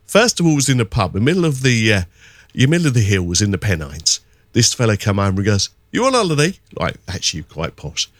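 Casting: middle-aged male caller, lively rambling storyteller, close dry sound. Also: lowish voice, quick pace, dry recording. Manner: rambling, animated storytelling with put-on voices. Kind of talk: casual phone-in chat.

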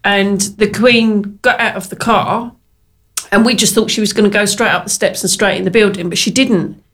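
A woman's voice: mid-range voice, steady tone, moderate pace, fairly bright tone. A woman, chatting casually, telling a story with lots of fillers and laughter. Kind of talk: casual chat.

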